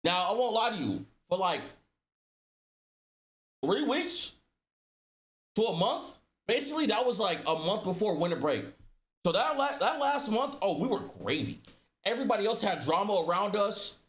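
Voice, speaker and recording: A man's voice: sits high, sing-song, normal speed, long pauses, fairly bright tone. A man telling a personal story in casual storytime style, slangy and profane, acting out the dialogue with voice shifts. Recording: roomy echo.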